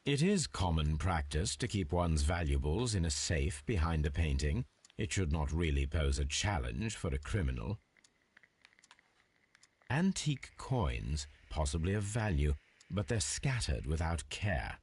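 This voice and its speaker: A precise video-game detective, cool and analytical. His voice sits very low with a husky grain. Every sentence comes out formal and measured. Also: sing-song, a little mellow, exaggerated voice. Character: Sherlock Holmes, cool precise male detective.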